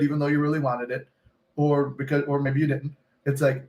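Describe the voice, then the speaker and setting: A man's voice: on the high side, fairly even intonation, moderate pace, darkish tone. A young man who coaches on manifesting tells a rambling story, loose, swearing freely, full of fillers and asides. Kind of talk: casual storytelling monologue.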